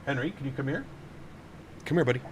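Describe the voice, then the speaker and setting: A man streams a flight simulator and chats casually with viewers, reading their messages aloud and cooing at his dog. He talks fast at a medium pitch, with a little hiss or hum in the audio.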